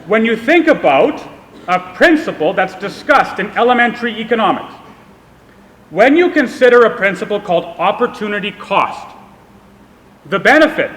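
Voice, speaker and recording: A man's voice: sits high, sing-song, moderate pace, a bit bright. A young man from Canada giving a public speech, telling a humorous, self-deprecating story. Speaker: speaker. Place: event hall. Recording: echoey hall with long reverb.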